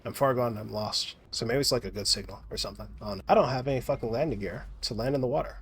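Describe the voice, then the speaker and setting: Talking rapid-fire in a mid-range, fairly bright and slightly rough voice, an American gaming vlogger rambles casually while playing. He curses frequently, keeps restarting his sentences and leans on plenty of fillers.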